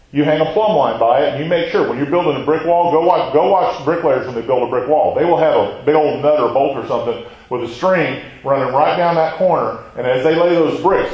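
Muffled and roomy, the recording carries a man's fairly quick, highish voice with a darkish tone. He leads a Bible study, reading scripture and then explaining it conversationally while quizzing listeners and tagging his points with "right?"

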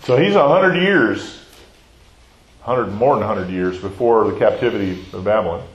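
A man's voice: on the low side, expressive, moderate pace, highs cut off. Man teaching a Bible class in an echoey room. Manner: conversational, quizzes the class with questions and tags "right?". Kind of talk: Bible study lesson with scripture reading.

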